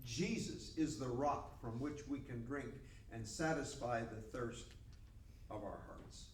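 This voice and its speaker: A man's voice: medium pitch, slow. An older man teaching a Bible study to a group in a folksy, joking way. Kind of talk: conversational Bible lesson. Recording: roomy room mic from far off, faint noise.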